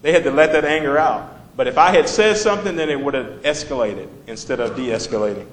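A man's voice: medium pitch, a little fast, reverberant, low-quality recording. A man preaching a conversational sermon, reading scripture and asking the congregation questions as he explains it.

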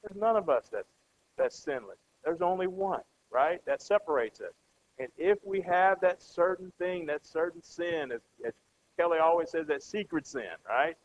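Preacher, male, high-pitched, chatty delivery with acted-out voices; muffled lo-fi recording. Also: animated, moderate pace, slight background noise. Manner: conversational, keeps asking the congregation "right?"; acts out everyday characters with a changed voice. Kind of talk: sermon. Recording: dull lo-fi sound.

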